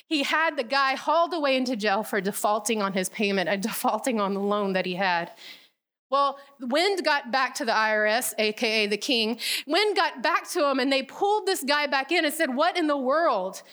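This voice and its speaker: Animated woman preaching a sermon. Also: on the high side, normal speed. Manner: animated storytelling, acting out the characters. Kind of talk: casual sermon.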